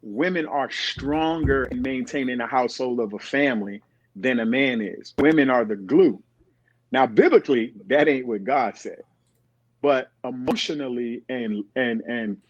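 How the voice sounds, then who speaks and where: Man, middle-aged, podcast guest, lively storyteller doing voices, dry close sound. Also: mid-range voice, moderate pace, dry recording, muffled recording. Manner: animated, acts out quoted voices. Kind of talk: casual storytelling.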